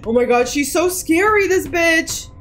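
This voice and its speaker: Young female gaming streamer, jumpy and foul-mouthed; slow-ish delivery that breaks into shrieks. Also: extremely high pitch, lively intonation, a bit bright, a little hiss or hum. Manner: jumpy, swears a lot, shrieks in fright. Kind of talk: live gameplay commentary. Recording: game music playing behind.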